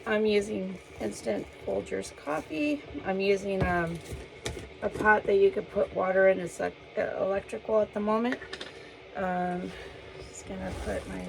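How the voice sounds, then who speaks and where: A woman's voice: mid-range voice, unhurried, vocal fry. Chatty woman cooking in a noisy kitchen. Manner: chatty, self-narrating, talks to viewers as guys. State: a little out of breath. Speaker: home cooking vlogger. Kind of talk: casual cooking demonstration. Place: home kitchen. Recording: noisy home kitchen recording.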